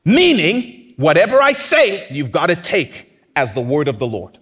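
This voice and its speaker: A man's voice: fairly high pitch, wildly swooping pitch, a little slow, fairly bright tone, husky. A man preaching a sermon in a conversational, teasing way, often acting out mocking quotes.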